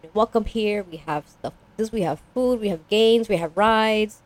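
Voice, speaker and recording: A man's voice: sits high, normal speed, lightly acted. A woman voicing a friendly, welcoming monster who takes tickets at a horror theme park. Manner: welcoming, salesy.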